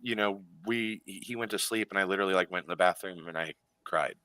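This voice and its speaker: A man's voice: sits low, quick pace, bright, forceful tone, clear, resonant tone, no echo. A man talking as a radio show guest, telling a story animatedly with plenty of fillers and restarts.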